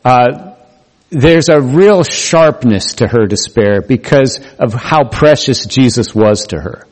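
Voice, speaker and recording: A man preaching a sermon in a conversational, animated way, acting out the voices he quotes. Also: medium pitch, slow. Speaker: pastor. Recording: long hall reverb.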